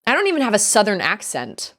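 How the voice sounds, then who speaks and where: Woman, from Utah, game streamer, rambling casual chat, crisp enunciation, hard R's. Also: medium pitch, huge pitch swings, fast, fairly bright tone. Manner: rambling and chatty, laughing often.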